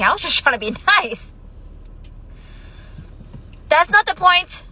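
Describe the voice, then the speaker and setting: A woman's voice: very high voice, big pitch swings, slow, pushed and bright, slight background noise, rough recording. A mother telling a personal story in an emotional, shaky voice, close to tears. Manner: tearful, shaky, on the verge of crying. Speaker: mother of young children.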